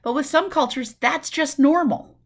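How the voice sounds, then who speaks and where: A woman from New City, giving a recorded nursing lecture in a lively way, acting out quick voices and asides. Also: sits high. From New York City. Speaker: nursing instructor.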